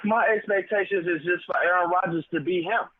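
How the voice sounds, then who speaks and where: Fired-up caller on a phone line. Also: male voice, high voice, fairly even intonation, fairly quick, slight background noise. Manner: fired-up, defiant, rhetorical questions. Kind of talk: casual call-in chat.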